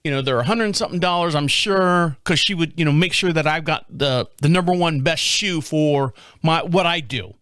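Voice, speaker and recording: Rambly american guy in his 50s, high voice, swears a lot, dead dry room. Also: moderate pace, hardly any pauses, a bit bright, no room sound. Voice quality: rambling, swears, lots of restarts. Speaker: podcast host. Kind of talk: casual solo chat.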